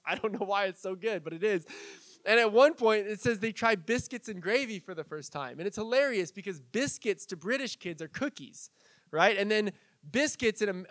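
A pastor from Southern California preaching a sermon in a casual, conversational way, full of asides. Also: male voice, high-pitched, fairly bright tone, no echo.

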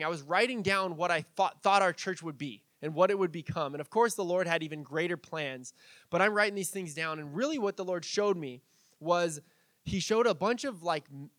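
A man's voice: fairly high pitch, fairly bright tone, no room sound. A man preaching as a pastor in a casual, chatty way, with fillers and light laughs. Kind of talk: conversational sermon.

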